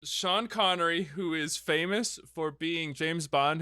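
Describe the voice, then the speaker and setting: A man's voice: on the high side, measured pace, clean tone, dry recording, studio quality. A man co-hosting a casual podcast, animatedly retelling a film plot, swearing freely and acting out the characters' lines. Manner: animated storyteller, swears freely, acts out quotes. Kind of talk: casual chat.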